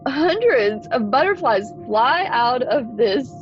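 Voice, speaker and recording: A woman's voice: fairly high pitch, sing-song, takes it slowly, soft background music. Podcast guest: conversational woman in her forties, recounting her own story, heard on a somewhat dull recording. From Texas. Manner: conversational, many "like" fillers. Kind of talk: personal storytelling.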